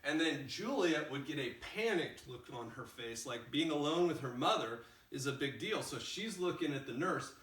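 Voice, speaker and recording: A man teaching a play in a casual, animated way, recorded in a roomy space with the mic far off. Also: a little high, moderate pace, few pauses. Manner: casual and animated, acts out lines. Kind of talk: explaining a play scene.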